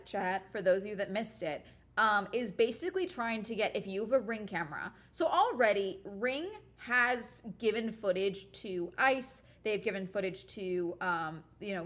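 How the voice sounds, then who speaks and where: A woman's voice: medium pitch, a bit bright. A young woman from the United States chatting casually on a livestream, rambling and sarcastic as she talks to her chat. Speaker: streamer.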